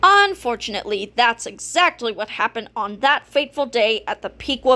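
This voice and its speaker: A woman reading a children's book aloud in a playful, lively storytelling manner. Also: on the high side, normal speed. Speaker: reader.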